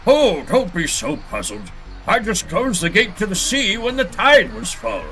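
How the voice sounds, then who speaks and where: A man voicing a brash male gatekeeper in a video game, blustering and shouting. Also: high-pitched, huge pitch swings, unhurried, soft background music, voice pushed up, full character voice, rough recording. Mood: blustery.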